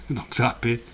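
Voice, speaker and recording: A man's voice: fairly bright tone, a little hiss or hum. A man in his forties hosts a live watch-along stream. He chats casually, reads viewer comments aloud and rambles with filler words.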